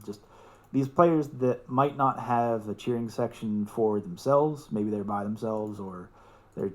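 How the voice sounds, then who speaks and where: A young man telling a story as a podcast guest, excitable, swearing and laughing as he talks. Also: medium pitch. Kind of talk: casual storytelling.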